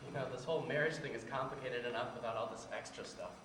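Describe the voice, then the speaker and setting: A man's voice: mid-range voice, steady tone, fast, lightly acted. An actor playing an earnest, slightly flustered young man who has just proposed. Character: young man engaged to his girlfriend. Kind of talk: stage acting. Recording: echoey stage recording from far off with noise.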